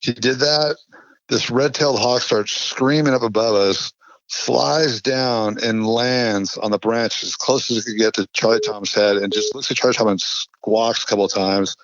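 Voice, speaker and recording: A man's voice: mid-range voice, fairly even intonation, normal speed, no echo. A man from California, a podcast guest, telling a long anecdote in a rambling, filler-heavy way. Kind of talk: casual storytelling chat. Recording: dull lo-fi dry podcast audio.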